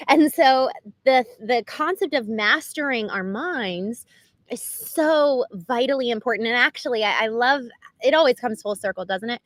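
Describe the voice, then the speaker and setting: A woman rambles earnestly through an unscripted livestream monologue, her voice sitting on the higher side. She keeps restarting phrases and leaning on "like" as she works through her thoughts. The sound is dry and close, with no room echo. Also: normal speed. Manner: earnest and animated, with frequent "like" and restarts. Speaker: livestream host.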